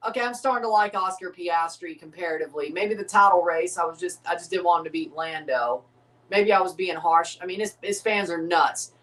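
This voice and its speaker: A woman's voice: lowish voice, a little fast, fairly bright tone, distant mic, low-quality recording. Streamer host, woman, loose joking match chatter, set back from the mic. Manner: rambling, joking, reads out chat. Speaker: livestream host. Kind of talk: casual watchalong commentary.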